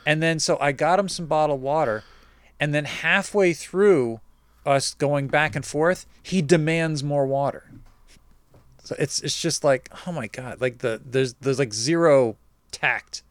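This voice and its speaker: A man's voice: a little high, measured pace, dry recording. A man hosting a casual show, telling a rambling story full of quoted back-and-forth dialogue.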